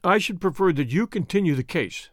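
A man's voice: high-pitched, lively intonation, fairly quick, no echo, clean studio sound. A man doing a groaning, injured country doctor. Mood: feeble. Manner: groaning, feeble.

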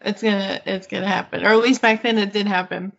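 A woman's voice: mid-range voice, steady tone, fast, gravelly, fairly bright tone, dull audio. A woman co-hosting a podcast in casual chat, laughing often and reading from an article. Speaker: podcast co-host.

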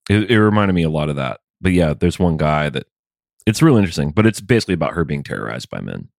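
A man's voice: a bass voice, very animated, fast talker, vocal fry, dry recording, studio quality. A man co-hosting a casual podcast chat, talking in an easygoing, rambling way about films. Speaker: podcast co-host.

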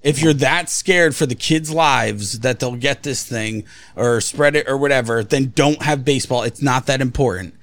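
A man's voice: mid-range voice, normal speed, hardly any pauses, fairly bright tone, no room sound. Guy podcast host ranting, blunt and sweary, dry close sound. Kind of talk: casual podcast chat.

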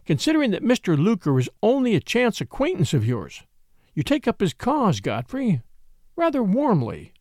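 A man voicing a proud, fierce young woman in a storybook reading, sharp and sneering. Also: high-pitched, wildly swooping pitch, moderate pace, no room sound, studio quality, voice pushed up, exaggerated voice. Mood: cool, probing. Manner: sharp, sneering, then frantic.

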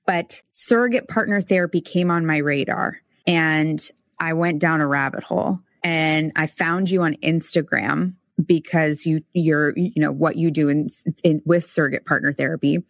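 A woman with a fairly low voice hosts a podcast interview, chatty and enthusiastic as she talks with her guest. The sound is dry and close, with no room around it. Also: fairly even intonation, moderate pace, hardly any pauses, no echo. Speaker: podcast host.

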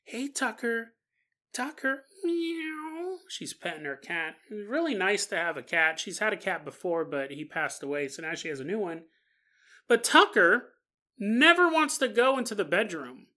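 A woman's voice: fairly low pitch, lively intonation, moderate pace, bright, forceful tone. A woman co-hosting a podcast, telling a story in a chatty way with joking asides. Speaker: podcast co-host. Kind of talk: casual storytelling.

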